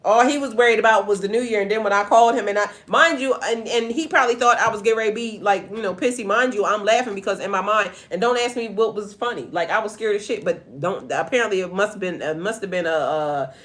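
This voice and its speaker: This middle-aged tarot reader and spiritual life coach talks quickly with few pauses, her mid-range voice fairly bright. In a casual livestream reading she addresses viewers head-on and breaks into profane, laughter-filled tales.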